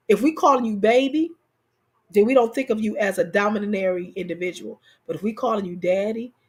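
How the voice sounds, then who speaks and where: A woman co-hosting a casual chat, telling stories animatedly, repeating phrases for emphasis and talking straight to her audience. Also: medium pitch. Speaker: co-host.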